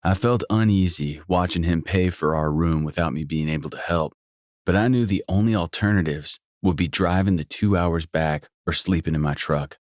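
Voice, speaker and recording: A man narrating a romance audiobook in the first person with a measured, even reading. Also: low voice, dry recording, studio quality.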